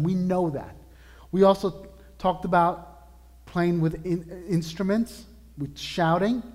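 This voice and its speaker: A man preaching a sermon as pastor, earnest and emphatic, slowing down to stress key words. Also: high voice, a little mellow, long reverb tail. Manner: earnest, emphatic preaching with slow drawn-out lists.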